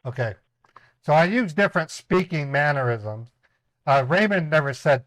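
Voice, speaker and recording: A man's voice: on the high side, lively intonation, normal speed, fairly bright tone, dry recording. A man hosting a casual livestream. He chats, laughs often and slips into voices. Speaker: streamer, scam baiter.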